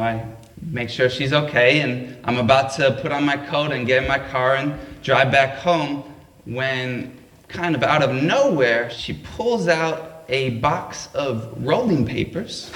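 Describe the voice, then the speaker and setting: A man's voice: medium pitch, fairly bright tone, recorded from a distance. A man telling a comedic story on stage at a live event, wry and self-deprecating. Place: live event at a public library. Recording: echoey live room.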